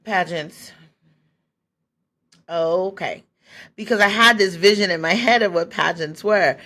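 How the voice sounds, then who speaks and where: Woman in her 40s podcasting about her life, chatty and candid, laughs a lot, acts out her old thoughts, mid-pitched. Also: brisk, sharp tone. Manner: loose and conversational, many fillers. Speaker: podcast host. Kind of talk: personal storytelling.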